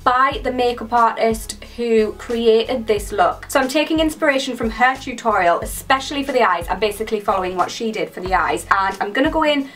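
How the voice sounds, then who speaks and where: A young British woman chatting excitedly through a makeup tutorial in a gushing, chatty way. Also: on the high side, a little fast, hardly any pauses. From United Kingdom. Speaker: beauty vlogger.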